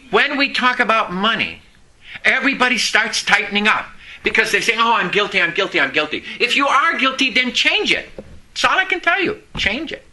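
Male preacher, sermon, very bright and tense voice, echoey hall. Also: sits high. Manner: storytelling, rising to loud impassioned outbursts. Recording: echoey room.

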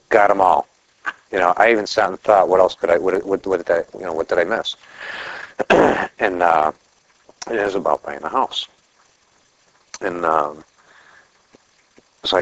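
Man with a very low voice, casual storyteller, rambling, muffled recording. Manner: rambling, with restarts and throat clearing. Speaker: speaker telling a personal story.

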